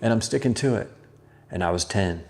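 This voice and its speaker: A livestream host with a low, gravelly voice talks fairly quickly over background music. Animated and casual, he tells a story from his childhood, reads out chat comments, and mimics the voices of those he quotes.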